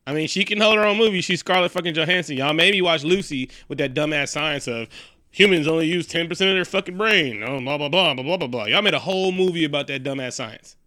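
A fairly high, bright-toned man talks in a loose, profane, joking way as he walks through a movie scene by scene. His voice is close and dry, with no room sound around it. It is casual podcast chat. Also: fast, no echo. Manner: profane, joking, animated storytelling.

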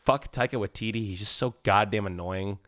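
A man co-hosting a podcast in casual chat, animated and swearing, acting out quotes with a jump up in voice. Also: on the low side, brisk, dry recording, studio quality. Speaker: podcast co-host.

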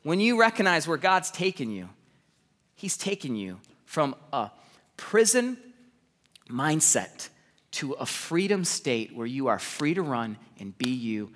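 A man in his thirties preaching a sermon, energetic and animated, telling stories with repeated words and laughs. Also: fairly high pitch, unhurried, long reverb tail. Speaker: pastor.

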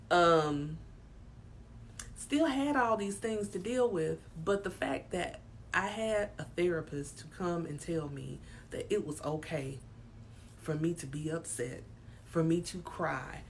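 Low-voiced woman, slow frank storytelling. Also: a little hiss or hum. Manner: frank and emphatic, swears casually. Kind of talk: candid personal storytelling.

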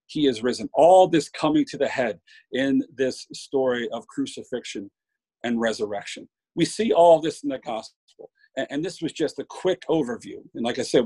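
A man preaches an informal sermon, earnest and building in emphasis as he stacks up points. His voice has a slight husky edge, sitting at an ordinary middle pitch. The sound is dry and close, with little room around it. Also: a little mellow, no room sound, low-quality recording. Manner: earnest, with frequent restarts and rising emphasis.

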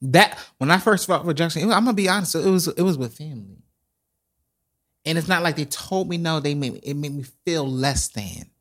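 A man co-hosting a podcast, talking in an animated, dramatic and emotional way, close to tears at times. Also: a little high, brisk. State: tearful. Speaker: podcast co-host. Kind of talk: casual podcast chat.

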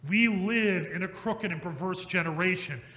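Male pastor, sermon, high voice, emphatic repetition, echoey hall. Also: bright, forceful tone, lo-fi sound. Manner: emphatic and repetitive, slows for stress, quickens in asides. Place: church sanctuary.

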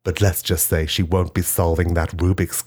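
A man telling an absurd comic monologue in deadpan style, bursting into shrill shouted quotes. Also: normal speed, husky. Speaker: comedian.

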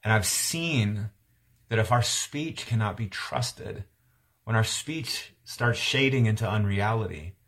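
A slow-speaking pastor, a man near forty with a fairly bright voice on the low side, preaches while sharing a childhood memory in a conversational way. He voices his parents as he tells it.

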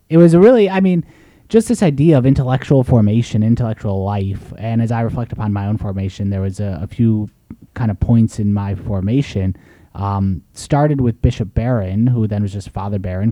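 A lower-pitched man with a mellow, warm voice, talking casually as a priest co-host. He tells rambling stories with plenty of laughs. The sound is dry and close. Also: no room sound. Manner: rambling, animated storyteller with laughs. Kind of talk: casual chat.

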